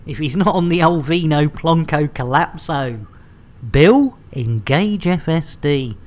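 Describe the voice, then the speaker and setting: Slow, bawdy woman streamer. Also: low-pitched, lively intonation. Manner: bawdy, jokey banter. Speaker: game streamer host. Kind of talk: casual game-stream chat.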